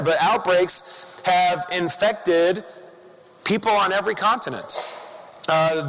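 A man preaches in a relaxed, conversational way, often turning to the congregation with rhetorical questions. His voice sits high for a man. The sound carries a long reverb from the church sanctuary. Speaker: pastor. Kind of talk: sermon.

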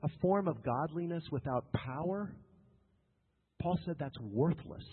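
A man's voice: a little high, lively intonation, unhurried, slightly rough. Male preacher, sermon delivery, repetitive and emphatic with jokes, echoing church hall, tinny lo-fi capture. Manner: emphatic and repetitive, with joking asides to the congregation. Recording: tinny lo-fi sound with long hall reverb.

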